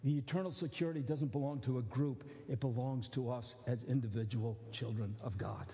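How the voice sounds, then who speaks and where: A man's voice: medium pitch, brisk, mellow. A man preaching a sermon as pastor, teaching in a conversational way and checking that his listeners follow. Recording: long church hall reverb.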